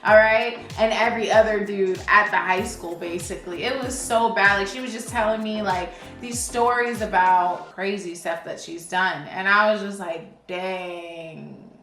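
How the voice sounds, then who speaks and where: Bright-voiced woman telling a story. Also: mid-range voice, normal speed, few pauses. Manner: casual and animated, often addressing viewers directly. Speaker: beauty vlogger. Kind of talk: chatty get-ready-with-me storytelling. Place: indoors, doing makeup on camera. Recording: echoey room with faint music behind.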